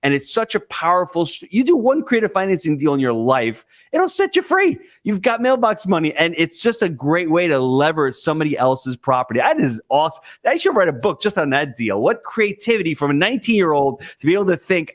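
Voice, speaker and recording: A man speaking on a conference panel, explaining investing with an energetic, emphatic coaching tone. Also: fairly high pitch, fairly quick, hardly any pauses, no echo, clean studio sound. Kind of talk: live panel talk. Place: conference stage.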